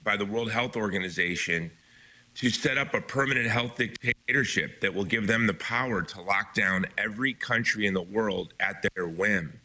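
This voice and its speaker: A low-pitched man talks as a guest author with a forceful, tense edge to his voice. He presses his points urgently and emphatically, often restarting mid-sentence. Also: moderate pace. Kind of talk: impassioned interview talk.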